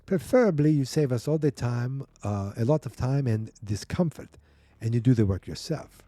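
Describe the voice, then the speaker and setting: A man's voice: medium pitch, lively intonation, normal speed, dark tone, no room sound, natural voice. A man voicing a cold, commanding woman who runs a secret prison lab, with a silky, menacing delivery.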